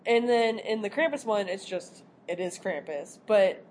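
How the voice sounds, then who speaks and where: A woman's voice: medium pitch, expressive, moderate pace, darkish tone, slight background noise. A young woman co-hosting a podcast in casual chat, laughing often and trailing off mid-sentence. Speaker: podcast co-host.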